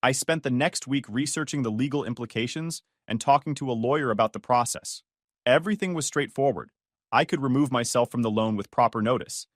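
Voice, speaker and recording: Male first-person narrator, measured and wry, expressive pitch, dry booth sound. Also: dry recording.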